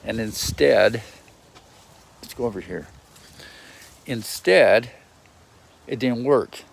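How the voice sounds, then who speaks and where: A man's voice: medium pitch, slow pace, creaky, breathy edge. A man rambling in a casual video message recorded outdoors on a handheld phone, drifting between thoughts with many ums and restarts. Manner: meandering, self-interrupting, lots of ums and restarts. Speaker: vlogger. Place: outdoors in a yard.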